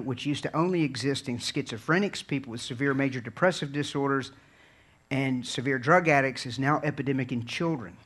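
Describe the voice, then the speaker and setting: A man from Virginia preaching a sermon in an earnest, conversational way, dropping low and quiet and then building to fervent peaks. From Virginia, USA. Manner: conversational storytelling with repeated words and restarts.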